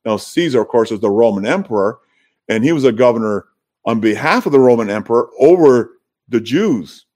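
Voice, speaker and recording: A man's voice: medium pitch, lively intonation, fairly quick, mellow. A man preaching an expository sermon to his congregation, building to emphatic peaks. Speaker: pastor.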